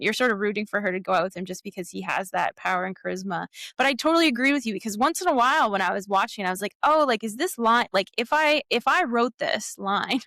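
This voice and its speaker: A woman's voice: medium pitch, fairly bright tone, dry recording. A woman guest author in a casual podcast chat, talking loosely with frequent little laughs and filler words. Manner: chatty, giggly, lots of "like" fillers.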